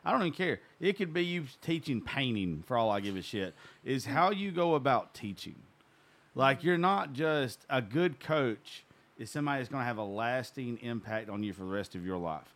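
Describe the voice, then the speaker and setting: A man's voice: mid-range voice, lively intonation, moderate pace, fairly bright tone. A man hosting a casual chat, talking bluntly and swearing freely.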